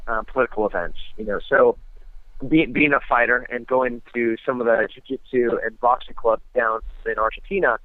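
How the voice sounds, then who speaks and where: A man's voice: mid-range voice, normal speed, dry recording. American man on a tinny phone line. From United States. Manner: relaxed storytelling with many ums and restarts. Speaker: guest fighter. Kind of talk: phone interview.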